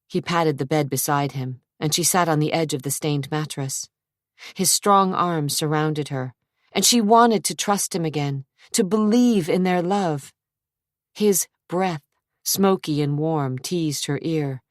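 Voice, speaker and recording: Low, slow woman narrating a thriller. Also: no echo, clean studio sound. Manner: measured, unhurried storytelling. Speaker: audiobook narrator. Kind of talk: scripted narration.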